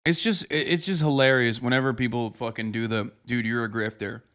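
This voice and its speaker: A man in his thirties ranting profanely on a livestream, often switching into loud mocking voices. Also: mid-range voice, steady tone, fairly quick, smooth. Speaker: streamer reacting to videos. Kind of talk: casual livestream commentary.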